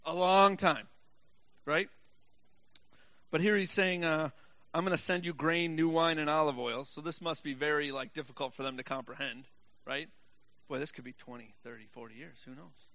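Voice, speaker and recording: A man preaching a sermon, reading scripture slowly, joking with the congregation, and rising to impassioned shouts. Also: fairly high pitch, no room sound.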